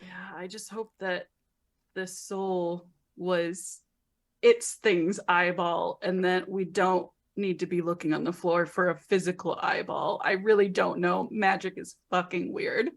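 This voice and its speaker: A woman player in a tabletop game, describing her character's actions in a thoughtful, unhurried way. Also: on the low side, level tone, gravelly.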